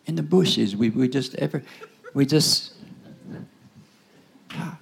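A man preaching a sermon in a loose, conversational style, tossing asides to the congregation and swinging between loud bursts and near-whispers. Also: mid-range voice, slow, creaky, long pauses, a little hiss or hum. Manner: call-and-response asides, rising to loud bursts then dropping to whispers.

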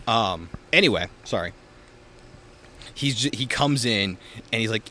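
A man's voice: on the low side, lively intonation, measured pace, sharp tone. A young man, podcast co-host, telling a long story in casual chat, full of filler words and swearing, recorded outdoors. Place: outdoors in a backyard.

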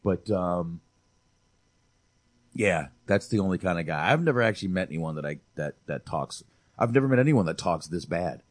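A man's voice: low voice, normal speed, no room sound. A man hosting a podcast, rambling and swearing casually while reviewing a movie. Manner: rambling, profane and animated. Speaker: podcast host.

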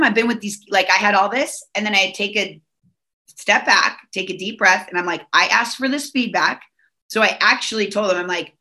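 A middle-aged woman from Southern California chats freely as a guest on a casual podcast. Her mid-range voice is bright and forward, and she keeps looping back with fillers and quick restarts as her thoughts tumble out.

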